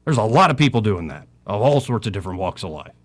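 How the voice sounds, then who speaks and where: A man's voice: lowish voice, very animated, fast. Impassioned preacherly man on talk radio. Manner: preacherly, quoting scripture, voice rising and falling.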